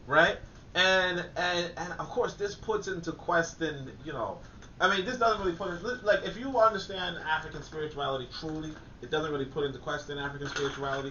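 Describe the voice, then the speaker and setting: A man's voice: fairly high pitch, sharp tone, a little hiss or hum. Rambling man, echoey distant recording. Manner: rambling, many fillers and restarts; preachy, repeats points for emphasis. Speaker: commentator and author. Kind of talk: casual monologue commentary. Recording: echoey, distant, dull lo-fi audio.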